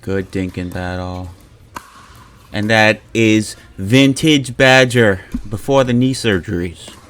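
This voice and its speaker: A man giving casual play-by-play commentary on amateur game footage, calling scores and chuckling often in a relaxed, joking way. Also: lowish voice, takes it slowly. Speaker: pickleball commentator.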